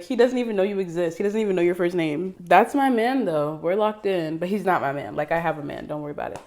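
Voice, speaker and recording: A woman's voice: fairly low pitch, darkish tone. A young woman chatting to camera in a casual vlog, bubbly and giggly, with lots of fillers, recorded indoors at home. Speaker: vlogger.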